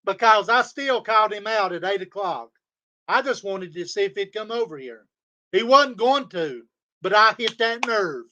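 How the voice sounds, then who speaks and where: A man with a very high, sharp voice rants on a livestream. He swears constantly and circles back to the same insults in a heated stream of talk. The tone is cutting and tense. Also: animated, moderate pace. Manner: profane, heated, repetitive insults. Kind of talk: angry livestream rant. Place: home studio.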